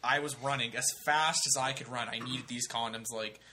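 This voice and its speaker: A young man telling a story on a comedy talk show in a casual, animated, profane way. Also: mid-range voice, normal speed, slight background noise. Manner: animated, profane, acts out other people's voices.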